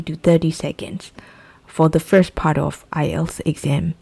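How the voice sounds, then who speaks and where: A woman's voice: low-pitched, steady tone, a little slow, creaky, mellow, slightly rough. A woman with a Burmese accent, a native Burmese speaker, patiently explaining the IELTS speaking test as a teacher. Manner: explaining patiently, asks for agreement.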